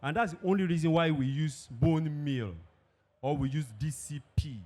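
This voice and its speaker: A man's voice: on the high side, normal speed, dark tone. A man gives a technical presentation on animal feed to an audience of farmers, explaining step by step and putting questions to the room. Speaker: industry presenter. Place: conference hall with a live audience.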